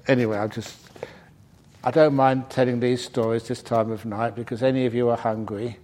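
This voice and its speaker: Monk telling humorous stories. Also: male voice, medium pitch, fairly even intonation, normal speed, darkish tone. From United Kingdom. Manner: humorous storyteller, chuckles at his own stories. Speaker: monk teaching a retreat. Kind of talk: dharma talk answering questions.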